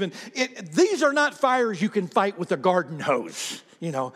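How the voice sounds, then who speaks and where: A man preaching a sermon as pastor, animated, repeating himself and calling on the congregation to read aloud. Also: high voice, measured pace, hardly any pauses, slightly rough, big-room sound. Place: church sanctuary.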